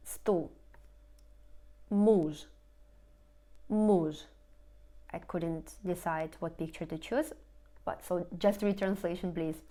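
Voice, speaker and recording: A woman teaching vocabulary, saying each word twice slowly and clearly and explaining in English. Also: lowish voice, warm tone. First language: Russian. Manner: repeats each word slowly and clearly, rising question intonation. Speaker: language teacher. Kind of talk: slow lesson narration over slides.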